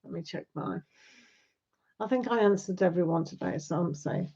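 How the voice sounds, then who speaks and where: A woman's voice: lowish voice, normal speed, warm tone, husky. A woman hosting a tarot livestream, chatting casually with viewers in a rambling way and tagging questions onto her sentences. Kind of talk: casual chat with live viewers. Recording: dull lo-fi livestream audio.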